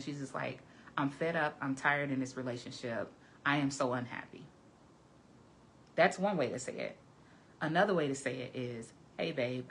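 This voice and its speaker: A woman therapist speaks in a deep, low register. She coaches the listener directly and in earnest, with a relaxed, conversational flow. She often pauses to check in with "okay?". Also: slight background noise. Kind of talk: conversational advice talk to camera.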